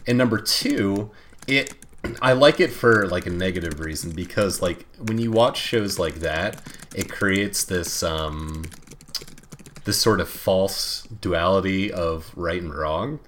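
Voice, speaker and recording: Young male co-host, very low and bright, lively pitch swings, rambling and filler-heavy. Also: takes it slowly, a little hiss or hum. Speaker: podcast co-host. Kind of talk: casual chat.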